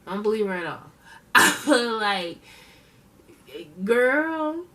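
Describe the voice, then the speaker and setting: A woman's voice: mid-range voice, moderate pace, bright, forceful tone, recorded from a distance. A woman giving blunt, slangy, profane casual commentary as a reality show reviewer, talking straight to her viewers. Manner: chatty, addresses viewers directly.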